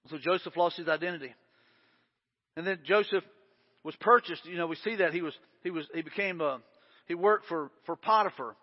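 A high-pitched man preaches a sermon in a church, his voice carrying a long reverb through the big room. The sound is dull and muffled, and he talks in an earnest way, repeating words as he drives a point home. He comes across as a pastor speaking to his congregation. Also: brisk.

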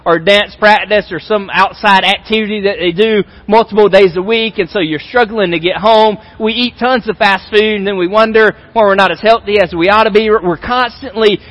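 A man's voice: high-pitched, fairly even intonation, normal speed, few pauses, a bit bright, low-quality recording. A male pastor giving a conversational sermon in a large church auditorium, repeating phrases for emphasis.

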